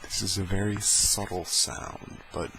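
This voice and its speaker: Deep slow soft-spoken man. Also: flat delivery. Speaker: ASMR creator. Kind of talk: ASMR soft-spoken demonstration. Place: home room with heater fan running. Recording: low-quality recording with fan noise. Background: heater fan hum.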